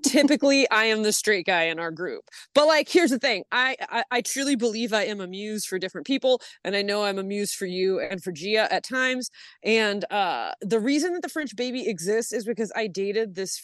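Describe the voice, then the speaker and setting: A woman guest on a podcast telling stories in casual chat, animated and swearing freely. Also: medium pitch, moderate pace, no echo, studio quality.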